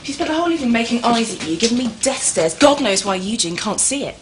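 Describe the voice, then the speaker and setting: A sharp-tongued, indignant young woman in a TV drama, as a woman plays her, scolding with a biting edge. Clear background noise sits behind her voice. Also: a little high, expressive, fast, lightly acted. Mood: angry. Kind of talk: TV drama acting.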